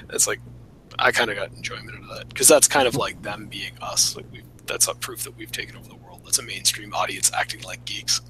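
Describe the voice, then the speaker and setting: A man's voice: lowish voice, brisk, bright, forceful tone, slight background noise, poor audio. A man chatting on a podcast in a reflective, analytical way, with occasional chuckles. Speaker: podcast co-host. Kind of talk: casual chat.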